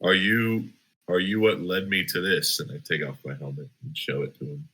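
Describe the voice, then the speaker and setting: A man playing a tabletop game, asking loud, playful questions in character. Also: deep voice, lively intonation, moderate pace, husky. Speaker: player. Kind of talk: casual tabletop play.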